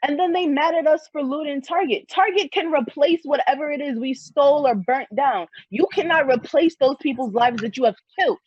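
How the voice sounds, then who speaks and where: A woman's voice: high-pitched, fairly quick, hardly any pauses, a little mellow, dry recording, lo-fi sound. A young woman in a heated casual discussion, ranting fiercely with lots of swearing. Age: young adult. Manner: fiery, profane, ranting.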